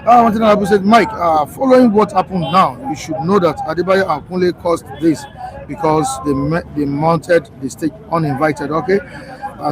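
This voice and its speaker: A man's voice: a little high, rough recording. Male host reading viewer comments. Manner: brisk, reads out comments with fillers. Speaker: talk show host. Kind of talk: hosting a live show, reading viewer comments.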